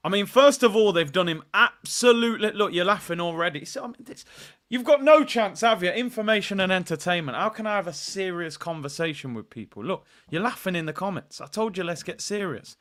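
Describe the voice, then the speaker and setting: Bright, animated male football streamer. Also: high-pitched, brisk. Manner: animated, jokey, bursts into loud excitement. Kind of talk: casual live stream chat reading comments.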